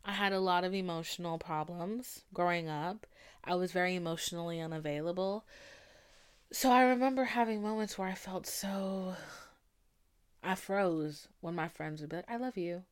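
A young woman hosting a podcast, talking candidly and emotionally, dropping to soft murmurs and rising to loud emphasis, with casual swearing. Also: medium pitch, moderate pace, pauses often, clear, resonant tone. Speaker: podcast host. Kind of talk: candid personal talk.

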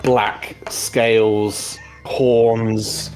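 Slow low-voiced man running a game. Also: flat delivery, a little mellow, soft background music. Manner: descriptive, unhurried, with fillers. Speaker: game master. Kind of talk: narrating a tabletop game podcast.

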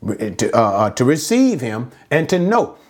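A man's voice: mid-range voice, sing-song, measured pace. A middle-aged man who pastors a church, preaching a conversational sermon with asides to his listeners. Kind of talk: sermon teaching.

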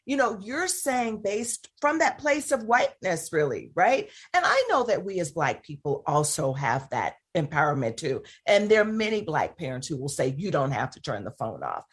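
A woman hosting a talk show and interviewing her guest in a measured, encouraging way. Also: lowish voice, sing-song, slightly rough.

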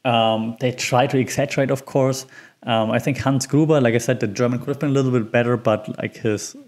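A man's voice: mid-range voice, steady tone, a little fast, darkish tone. A man hosting his own podcast, talking in a loose, chatty way full of ums and small laughs at himself. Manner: rambling and chatty with frequent ums. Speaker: podcast host. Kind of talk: casual solo podcast commentary.

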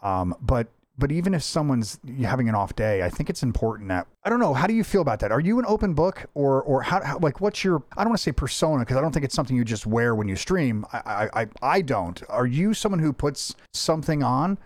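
A man's voice: medium pitch, very animated, fast talker, few pauses, no echo, clean studio sound. A middle-aged man hosting a casual podcast, telling stories animatedly, swearing freely and acting out the voices of the people he quotes. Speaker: podcast host. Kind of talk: casual chat.

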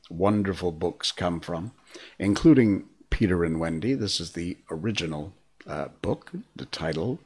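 A man introducing and reading a storybook aloud in a relaxed, chatty way. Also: deep voice. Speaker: storybook reader.

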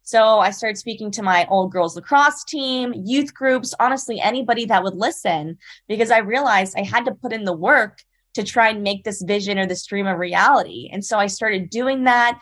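A woman's voice: medium pitch, moderate pace, hardly any pauses, a bit bright. A young woman in her twenties from South Carolina, earnestly telling a personal story as an interview guest, with lots of "like" and "you know". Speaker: guest, speaker.

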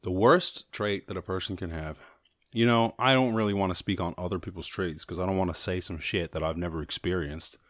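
A man hosting his own show, talking loosely and profanely in a jokey solo monologue and slipping into quick silly voices. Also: low-pitched, no echo, studio quality. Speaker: podcast host. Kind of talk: casual comedic monologue.

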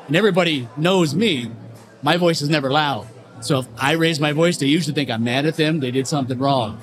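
A middle-aged man and barbering educator telling stories in a straightforward, animated way on a panel. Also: on the high side, a little fast. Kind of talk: panel discussion. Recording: music and crowd behind.

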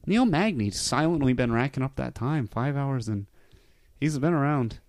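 A man's voice: mid-range voice, expressive, normal speed, a little mellow, a little hiss or hum. Rambling, enthusiastic man podcaster. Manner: rambling, enthusiastic, swears freely. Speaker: podcast host. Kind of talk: casual chat.

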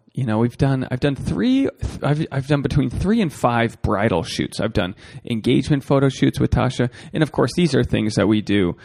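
A man's voice: medium pitch, creaky, a little mellow. A man hosting a solo podcast, rambling and swearing freely as he talks straight to his listeners. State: a bit out of breath. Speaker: podcast host.

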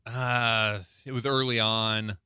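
A man with a bright, slightly low voice and a slight lisp talks in relaxed podcast chat. He often stumbles and repeats his opening words before his point comes out. The sound is dry and close to the mic. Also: slow pace, clear, resonant tone, no room sound. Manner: hesitant, repeats words when starting. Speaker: podcast host. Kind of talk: casual chat.

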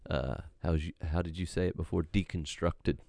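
Man, very low voice, earnest, emphatic, repeats phrases, dry close sound. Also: steady tone, normal speed, creaky, warm tone, no room sound. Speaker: podcast co-host. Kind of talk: casual Bible discussion.

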